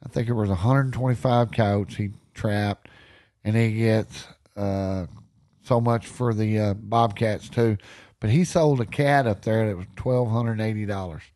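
A man with a Texan accent, a podcast guest telling animated stories with folksy country slang and frequent laughter. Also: lowish voice, measured pace. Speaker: podcast guest, hunting storyteller. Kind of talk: casual storytelling.

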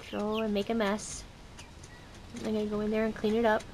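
A woman's voice: completely flat delivery, normal speed, a little mellow, slight background noise. A woman vlogging casually outdoors beside a backyard chicken coop, chatting as she shows the birds on a handheld camera. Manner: chatty, talks to her birds in a high coaxing voice. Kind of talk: casual show-and-tell vlog. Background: chickens and ducks.

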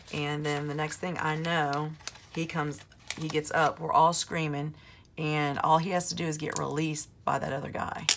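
A woman in her forties with a hoarse voice, telling a long story in a casual vlog, rambling with plenty of fillers. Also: deep voice, a bit bright, a little hiss or hum. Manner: chatty, rambling with many fillers. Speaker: planner vlogger.

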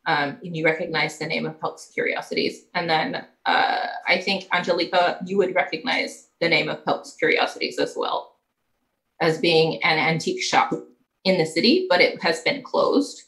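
A woman's voice: low-pitched, fairly even intonation, moderate pace, a bit bright, low-quality recording. A woman running a tabletop game as game master, narrating casually with frequent laughter. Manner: casual, laughing often, loose fillers like "like".

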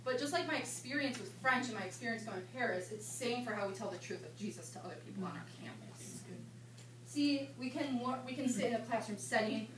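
A young woman in her twenties, a campus ministry intern, leading an informal seminar with chatty, animated storytelling. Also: a little high, brisk. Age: 20s. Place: indoor meeting room at a retreat. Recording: echoey room, mic far off, background hum.

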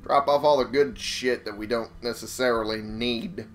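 A man's voice: medium pitch, fairly even intonation, moderate pace. A young man giving casual, rambling commentary while playing a video game, swearing and laughing often. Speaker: let's-play gamer. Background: game music.

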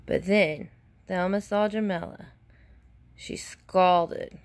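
A woman's voice: on the low side, measured pace, gravelly, dry recording. A woman teacher reading a picture book aloud to children and asking them questions between pages.

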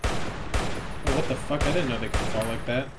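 A tired man streaming a video game, chatting casually, swearing freely and reacting loudly to the action. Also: medium pitch, normal speed. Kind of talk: casual live gameplay commentary. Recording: noticeable background noise.

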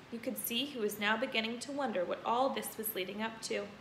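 A woman teacher reading a children's book aloud, pausing to point out the pictures. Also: a little high, bright, forceful tone. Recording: roomy echo, faint noise.

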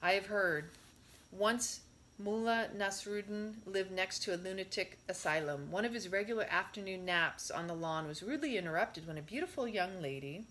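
A woman reading a spiritual discourse aloud in a measured way, stressing her rhetorical questions. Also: medium pitch, bright, forceful tone.

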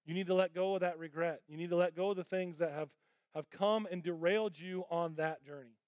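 A male pastor delivering a sermon in a church auditorium. His voice is notably high for a man and recorded dry and close. He talks in a passionate, conversational way, full of ums and restarts. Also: steady tone, a little fast, a little mellow, no echo.

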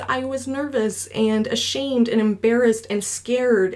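A woman's voice: on the high side, fairly even intonation, slow. Woman nurse teacher, chatty lecture voice, talks right to the students. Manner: conversational, talks to students with asides and personal stories. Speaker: nursing instructor. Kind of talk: recorded lecture.

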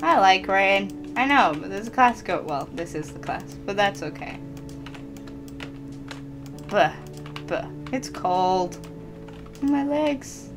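A woman's voice: mid-range voice, expressive, slow pace, pauses often, over music. A woman voicing her character in casual Minecraft role-play, playful and often giggling between lines. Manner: giggly, playful, often laughing mid-sentence. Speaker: lead voice actor and player.

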